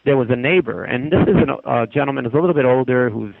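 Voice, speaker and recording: A man on a podcast telling a story in a casual, animated way, with frequent restarts, over a phone line. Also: mid-range voice, quick pace, vocal fry, no echo. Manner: animated, acts out quoted voices, frequent restarts. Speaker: podcast guest. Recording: tinny dry phone line.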